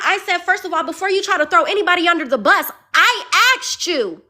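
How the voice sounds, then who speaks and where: Woman, very high bright voice, heated venting, repeats herself, caller on a live stream. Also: fast. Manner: heated, repeats phrases, rising to yelling. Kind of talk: emotional venting story.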